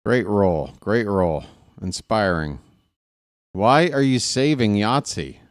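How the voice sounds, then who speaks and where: A man hosting a live stream, trash-talking his opponents in a dice game, swinging from muttering to excited yelling. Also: lowish voice, takes it slowly, no room sound, clean studio sound. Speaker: streamer and play-by-play host. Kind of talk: casual live-stream commentary while playing a dice game.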